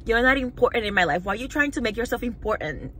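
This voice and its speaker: A woman's voice: on the high side, expressive, fast, pushed and bright, slight background noise, low-quality recording. A young woman vlogger telling a storytime rant to camera, heated, mocking and full of swearing.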